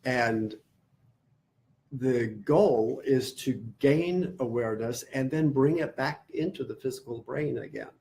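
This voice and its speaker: A man teaching meditation in a class, speaking deliberately and repeating words while he searches for the next one. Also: medium pitch, vocal fry, a little mellow. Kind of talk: class lecture.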